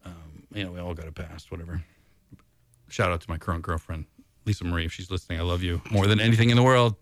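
A man's voice: low-pitched, fairly even intonation, quick pace, creaky, no room sound. A man, a blues musician, chatting casually in an interview and rambling in a laid-back way with lots of filler. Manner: rambling and laid-back, heavy on "you know" and "dude".

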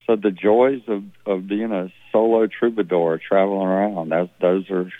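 A man from Mississippi, telling rambling, relaxed stories in a phone interview. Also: deep voice, moderate pace, no echo. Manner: rambling, relaxed, with many restarts. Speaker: musician guest. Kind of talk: phone interview, casual storytelling. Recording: dry, tinny phone line.

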